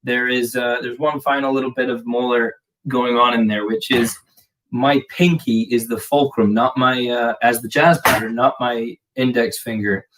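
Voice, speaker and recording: A man's voice: medium pitch, steady tone, moderate pace, a bit bright. A man giving a casual live drum lesson, explaining patterns in a chatty way with plenty of fillers. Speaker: drum teacher. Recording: distant mic with clear background noise.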